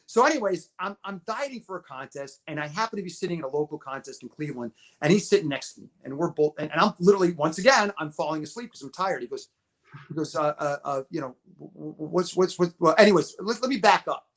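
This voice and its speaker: A man in his fifties tells stories as a podcast guest at a rapid clip, words tumbling out. His voice sits a little high for a man, and he acts out every quote with stumbles and repeats. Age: 50s. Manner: animated storyteller acting out quotes, repeats words. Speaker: podcast guest, bodybuilding promoter. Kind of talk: casual storytelling interview.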